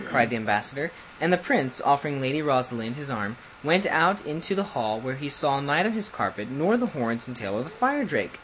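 A storyteller reading a fairy tale aloud, expressive and animated. The voice sits mid-range but moves a lot. A faint hiss sits behind it. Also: medium pitch, a little fast, rough recording. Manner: expressive, lively reading with dropping tags. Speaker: narrator. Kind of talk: storybook narration.

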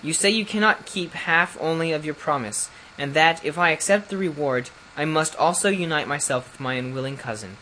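A man voicing a proud, honourable young crown prince who speaks in a stately, formal way, a little above his own pitch. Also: brisk, hardly any pauses, bright, forceful tone, a little hiss or hum, poor audio. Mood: earnest.

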